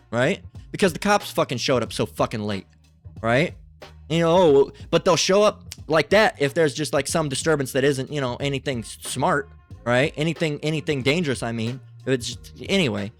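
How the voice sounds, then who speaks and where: A man's voice: a little high, fairly quick, soft background music. A man hosting a commentary channel, ranting angrily and swearing constantly as he reacts to a clip. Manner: profane, ranting, restarts often. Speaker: channel host. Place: lives in Las Vegas.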